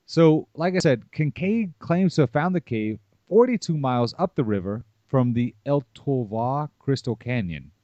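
A man's voice: medium pitch, animated, normal speed, hardly any pauses, dry recording. Musing man with a dry, muffled sound. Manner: musing, questioning, loose and conversational. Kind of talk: casual podcast chat.

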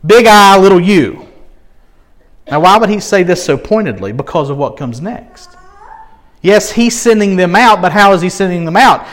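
A man preaching a sermon, expressive, asking rhetorical questions and swinging from quiet asides to emphatic peaks. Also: normal speed. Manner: expressive, rising to emphatic peaks and dropping low. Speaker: pastor.

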